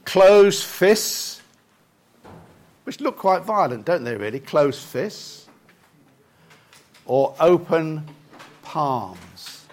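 An older man preaching a sermon in a reflective, halting way, with many restarts and lists spoken slowly and softly. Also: a little high, animated. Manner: leads the congregation through lists in a soft slow voice.

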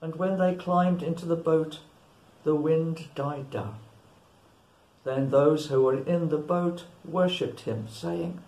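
Slow, careful woman reading scripture. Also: low-pitched, mellow. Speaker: scripture reader. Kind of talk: Bible reading. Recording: echoey church room.

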